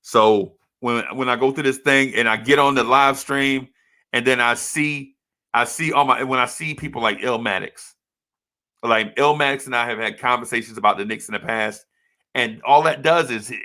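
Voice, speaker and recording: Speaking at a moderate pace in a medium-pitched voice, a man hosting a live stream delivers a passionate basketball-fan monologue. His tone is bright and forceful as he circles back over the same points with rhetorical, heartfelt intensity.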